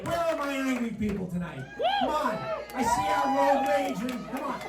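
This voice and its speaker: A male comedian rants with mock outrage in a high, lively voice that swoops up and down. The sound is roomy and picked up from a distance. A crowd laughs throughout. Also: normal speed, very noisy. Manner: animated, ranting, mock-outraged storytelling. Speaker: stand-up comedian. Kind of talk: stand-up comedy set. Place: comedy club stage.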